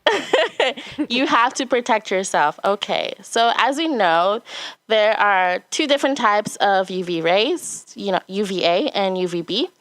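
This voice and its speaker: A woman's voice: mid-range voice, lively intonation, measured pace, fairly bright tone, dry recording. A woman hosting a podcast wellness segment, explaining in a friendly, casual way.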